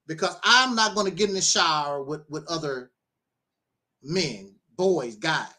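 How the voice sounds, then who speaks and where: A man's voice: on the high side, lively intonation, unhurried, sharp tone. A man preaching in a livestream monologue, talking emphatically, laughing often and repeating himself. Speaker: self-styled minister.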